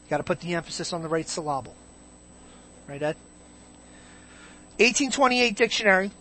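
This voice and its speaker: A preacher giving a verse-by-verse Bible teaching, emphatic, slowing on key words and asking many rhetorical questions. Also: medium pitch, pushed and bright.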